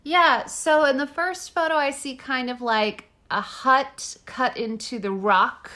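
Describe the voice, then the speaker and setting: A woman's voice: high-pitched, slow, sharp tone. A woman co-hosting a podcast in casual chat, rambling and giggly with lots of fillers. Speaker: podcast co-host.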